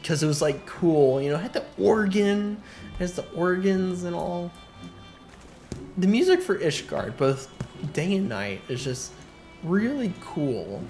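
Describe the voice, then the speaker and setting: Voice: mid-range voice, very animated, measured pace, darkish tone. A streamer rambling casually over gameplay, humming and muttering to themself, reading game lines aloud. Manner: rambling, hums and mumbles to self. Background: game music.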